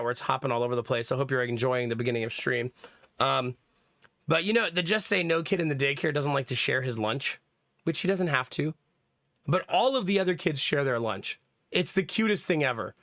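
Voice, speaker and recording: A man's voice: a little high, a bit bright, no echo, studio quality. A young man hosting a livestream, chatting casually to his viewers, rambling from topic to topic and laughing often. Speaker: livestream host. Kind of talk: casual stream chat.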